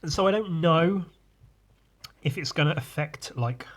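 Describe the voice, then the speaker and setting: A man's voice: a little high, a little slow, fairly bright tone. A man hosting a solo podcast, tipsy from drinking and rambling loosely, often trailing off and restarting. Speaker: podcast host. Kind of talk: rambling casual monologue.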